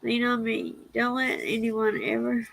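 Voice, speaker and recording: A woman's voice: fairly high pitch, flat delivery, measured pace, vocal fry, fairly bright tone, a little hiss or hum, poor audio. A woman hosting a casual livestream, reading prayers and speaking tenderly and emotionally. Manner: tender, emotional, laughs easily.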